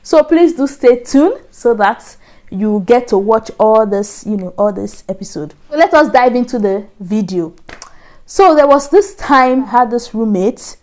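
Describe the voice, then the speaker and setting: A woman's voice: on the high side, animated, a little slow, a little mellow. Chatty woman vlogger. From Nigeria. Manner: chatty, repetitive, laughing asides. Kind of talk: casual storytelling to camera.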